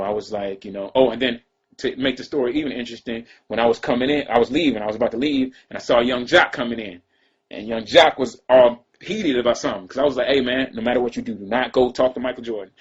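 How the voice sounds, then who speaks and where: Man, casual storyteller, slangy and rambling, rapid delivery. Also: mid-range voice, slightly rough. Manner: laid-back, rambling, slangy, trails off into quiet asides. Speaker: rapper telling a personal story. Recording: dull lo-fi sound.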